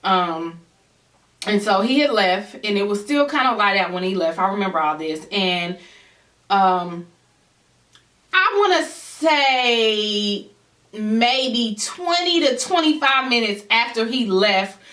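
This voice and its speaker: Woman vlogger, storytime chat to camera, bright tone, echoey room. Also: medium pitch, slow, recorded from a distance. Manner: animated storytelling, addresses viewers directly; acts out others' voices in quotes. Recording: echoey room, voice a bit off-mic.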